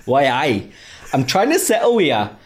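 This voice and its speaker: A man's voice: on the high side, wildly swooping pitch, normal speed, slight background noise, pitched above the performer's own voice. Man doing a hammy, accent-hopping mock presenter. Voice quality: wandering mishmash of accents. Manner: loud, hammy and theatrical. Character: a mock TV presenter writing in, grumbling.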